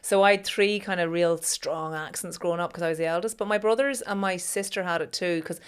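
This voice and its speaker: A woman from Ireland joins as a guest and tells stories from her childhood in a chatty, easygoing way. Her voice is low for a woman and smooth. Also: fairly even intonation. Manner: chatty, quick to laugh. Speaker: podcast guest. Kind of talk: casual chat.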